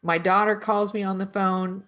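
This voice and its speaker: A woman's voice: mid-range voice, level tone, fairly bright tone, dull audio. A middle-aged woman energy worker talking casually and reflectively, asking her listeners questions. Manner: reflective, slow, conversational with rhetorical questions. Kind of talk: casual spiritual talk.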